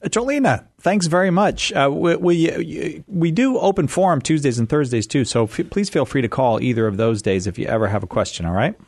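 A man's voice: on the high side, animated, a little fast, creaky, hardly any pauses, darkish tone, dry recording, studio quality. A man co-hosting a call-in radio show, easygoing, stammering a little as he talks. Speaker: radio co-host.

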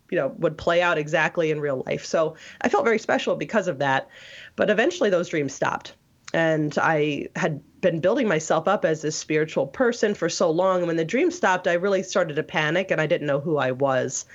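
A woman's voice: fairly low pitch, expressive, brisk. Rambling woman on dull lo-fi audio. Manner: rambling, with many restarts and fillers. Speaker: guest telling her conversion story. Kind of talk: casual interview talk.

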